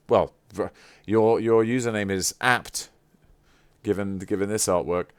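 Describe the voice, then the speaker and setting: A man's voice: fairly low pitch, steady tone, a little slow, smooth. A man chatting casually on a live stream, effusive and playfully teasing. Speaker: livestreamer.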